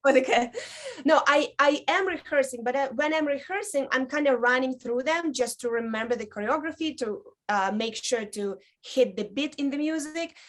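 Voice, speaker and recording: A talkative woman in her thirties with a slightly high voice. She tells her stories in a loose, chatty way, full of fillers and animated quoted lines. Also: normal speed. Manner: chatty storyteller with frequent ums, likes, laughs and lively quoted voices. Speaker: podcast guest, burlesque dancer. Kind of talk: casual interview chat.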